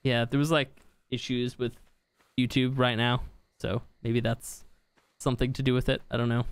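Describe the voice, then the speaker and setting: A man's voice: medium pitch, level tone, moderate pace, smooth, dry recording. A young man hosting a live game stream, chatting casually and reading viewer comments aloud with easy laughs. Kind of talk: casual live-stream chat while gaming.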